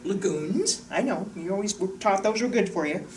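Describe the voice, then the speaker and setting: A chatty woman wellness coach talks through a diet list with lots of jokes and a lively, swooping pitch. She stands a little back from the mic, and faint room noise hums underneath. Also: moderate pace, recorded from a distance. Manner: chatty, joking, animated. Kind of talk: casual diet talk to camera. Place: room with a whiteboard.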